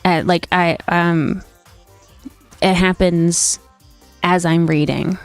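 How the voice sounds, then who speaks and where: A woman's voice: on the low side, steady tone, takes it slowly, no room sound, soft background music. A young woman streaming a cosy game, chatting casually with viewers and reading game lines aloud. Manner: chatty, friendly, often reads game dialogue aloud.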